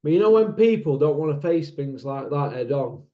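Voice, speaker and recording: The host of a boxing talk channel delivers a casual monologue in a slightly high, animated voice at a moderate pace, bluntly mocking and tossing out rhetorical questions. The room is echoey and the sound dull and lo-fi.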